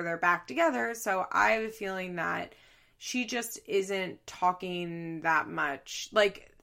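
A woman's voice: lowish voice, gravelly, a bit bright. A woman chatting casually as she recaps a reality show. She swears freely, laughs often and says "like" a lot.

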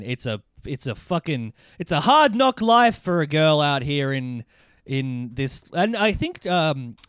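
A man in casual podcast chat, chatty and sweary, quick to laugh. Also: fairly high pitch, clear, resonant tone, dry recording, studio quality. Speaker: podcast co-host. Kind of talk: casual chat recapping a TV episode.

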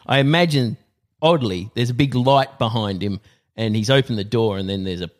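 A man's voice: medium pitch, normal speed. A man co-hosting a podcast, casually building silly scenarios in a storytelling way. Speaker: podcast co-host. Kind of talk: casual comedic chat.

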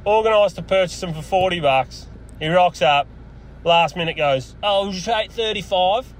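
A man's voice: high voice, normal speed, a little hiss or hum. An Australian man telling a crude, laughing yarn in a voice message, recorded outdoors on a phone. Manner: crude, laughing storyteller, puts on voices for others. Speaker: caller telling a story.

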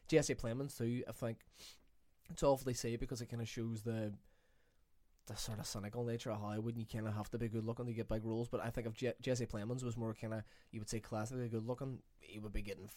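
A man's voice: mid-range voice, level tone, mellow, dry recording. A man from Ireland co-hosting a casual film chat, sweary and joking. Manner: sweary, joking, fast rambling talk. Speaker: podcast co-host.

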